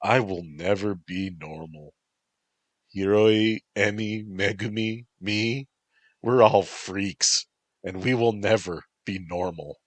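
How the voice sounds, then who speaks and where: A man voicing a sarcastic young man weighed down by guilt, speaking in a low, slow voice. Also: fairly even intonation, dry recording. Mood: remorseful. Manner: sarcastic, quietly remorseful.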